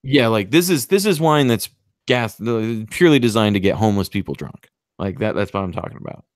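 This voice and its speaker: Man, low voice, dry close sound, casual podcast host, rambling, loose swearing. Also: lively intonation, a little fast, dry recording. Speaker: podcast host running a quiz. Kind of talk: casual chat.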